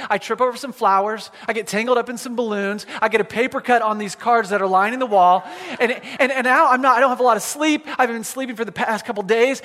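This male pastor, whose voice is notably high and a bit bright, tells a personal story with self-deprecating humor as a storytelling sermon. He often stalls and restarts his sentences, and a big hall's long reverb rings around him.

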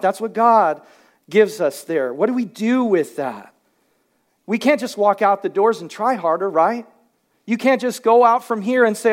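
A man preaching a conversational sermon from a church stage, now and then shouting for emphasis. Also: very high voice, expressive, moderate pace. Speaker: pastor.

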